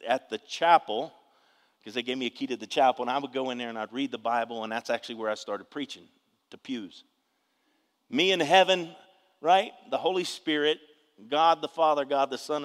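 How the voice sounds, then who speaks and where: A man, preaching a testimony in an animated storytelling way with bursts of shouting. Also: medium pitch, big-room sound. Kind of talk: testimony sermon.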